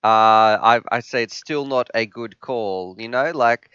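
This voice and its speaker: A man hosts a live stream in upbeat, joking banter. His voice is smooth and clear, at a middle pitch. The sound is dry and a little dull. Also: unhurried, fairly bright tone, dry recording. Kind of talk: casual live stream chat.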